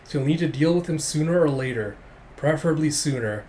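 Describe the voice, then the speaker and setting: A man recapping a manga chapter in a casual, chatty way, breaking into laughter often. His voice sits fairly high, with a faint hiss in the background. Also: expressive, a little fast, a little mellow. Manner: laughs often, retells scenes with "it's like". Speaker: manga reviewer.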